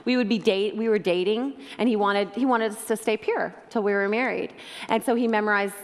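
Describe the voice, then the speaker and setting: A woman's voice: mid-range voice, a little fast. A middle-aged woman preaching a sermon, telling the story with emotion and laughing often. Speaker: speaker. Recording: long hall reverb.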